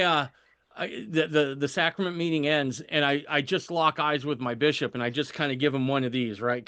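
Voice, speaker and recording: A man's voice: fairly high pitch, normal speed, a bit bright, clean tone, no room sound. A man guest on a podcast telling a personal story, animatedly acting out the voices of people he quotes and chuckling at the funny parts.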